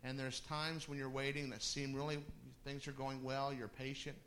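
A middle-aged man preaches in a relaxed, storytelling way, his voice sitting at an ordinary male pitch. He talks to the congregation like friends, restarting sentences and slipping in amused asides. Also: moderate pace, slight background noise. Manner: conversational, with laughing asides and restarts. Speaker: pastor. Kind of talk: sermon storytelling.

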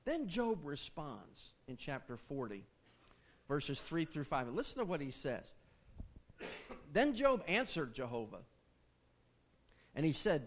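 Man, preacher, sermon, slightly high voice, animated, conversational, rhetorical questions. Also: a little slow, long pauses.

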